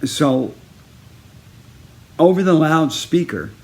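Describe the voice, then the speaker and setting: Higher-voiced man telling a story. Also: takes it slowly, gravelly. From Texas. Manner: lively, acts out each person in the story with raised, punchy delivery. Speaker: celebrity recording a personal video message. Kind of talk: casual anecdotal storytelling.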